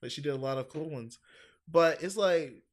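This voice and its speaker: A man chatting casually on a podcast, rambling and profane, laughing loudly and mimicking others in high exaggerated tones. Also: moderate pace. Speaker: podcast co-host. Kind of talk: casual chat.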